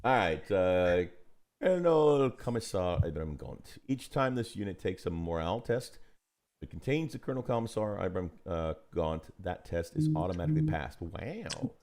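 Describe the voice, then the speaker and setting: A man's voice: deep voice, sing-song, moderate pace, a little mellow. A man co-hosting a casual gaming live stream, playful and laughing often as he reads game rules aloud. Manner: playful, laughing often, breaks into jokey voices. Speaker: co-host of a tabletop gaming live show.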